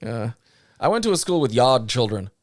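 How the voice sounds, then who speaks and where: A man's voice: medium pitch, moderate pace, no room sound, clean studio sound. Sweary rambling Australian man. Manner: sweary, rambling, animated storytelling. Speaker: podcast co-host. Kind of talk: casual chat.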